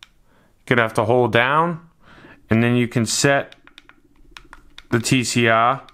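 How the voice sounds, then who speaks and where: A man's voice: mid-range voice, steady tone, slow, fairly bright tone. A man narrating a casual hands-on product review in a laid-back, matter-of-fact way.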